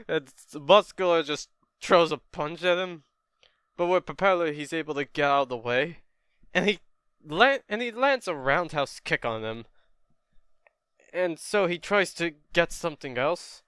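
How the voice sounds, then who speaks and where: Brief: laid-back young male storyteller, crisp and dry close mic. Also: a little high, animated, measured pace, a bit bright, no room sound. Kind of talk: casual fan-story retelling.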